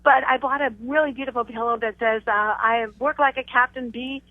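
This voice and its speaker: Bubbly high-voiced woman on a phone line. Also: fairly even intonation, fairly quick, no echo. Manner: bubbly, gushing. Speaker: regular host calling in by phone. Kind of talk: casual phone chat.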